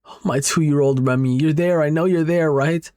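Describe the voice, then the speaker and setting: A man's voice: a little high, moderate pace, clear, resonant tone, no room sound, studio quality, voice pushed up, lightly acted. A man doing a crazed, doting mother. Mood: obsessive. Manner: cooing, eerily calm and obsessive. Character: deranged doting mother, middle-aged woman. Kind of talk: dramatic reading of a horror manga.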